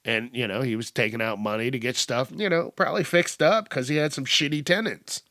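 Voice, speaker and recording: A young man hosting a podcast, retelling a news story in a profane, animated way and acting out the quotes. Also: mid-range voice, fairly quick, no room sound, studio quality. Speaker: podcast host. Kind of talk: casual news commentary.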